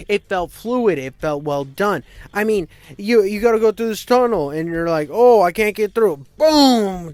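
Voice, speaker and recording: Crude, profane male game reviewer. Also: fairly high pitch. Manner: crude, profane, fast riffing asides. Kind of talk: casual retro game commentary.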